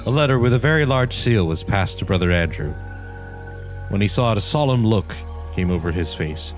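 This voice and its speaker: Male podcast host, low-pitched and expressive, narrates a comic tale in a deadpan style. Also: brisk, soft background music. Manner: deadpan narration that keeps breaking into laughter. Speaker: podcast host reading a story. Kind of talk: comedic story reading.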